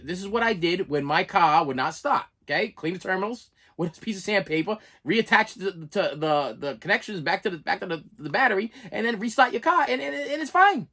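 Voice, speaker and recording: A man's voice: high-pitched, bright, forceful tone, breathy edge. A man ranting on a vlog, exasperated and stammering with repeated words. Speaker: YouTube reviewer.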